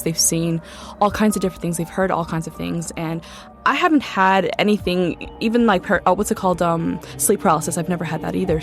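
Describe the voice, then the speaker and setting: Young woman, chatty true-story telling, casual fillers, faint music underneath. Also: on the low side. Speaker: guest storyteller.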